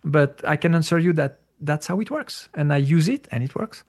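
A man who speaks English as a second language, explaining spiritual ideas in a casual question-and-answer talk, halting and digressive, with many fillers and restarts. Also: fairly high pitch, expressive, darkish tone. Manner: non-native English phrasing. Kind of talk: casual spoken Q&A.

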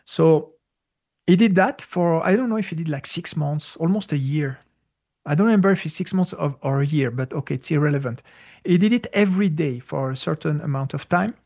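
A man answering a listener's question in a casual talk, halting and searching for words with many restarts. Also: a little high, creaky, a little mellow. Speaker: spiritual teacher answering questions. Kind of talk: casual spoken Q&A.

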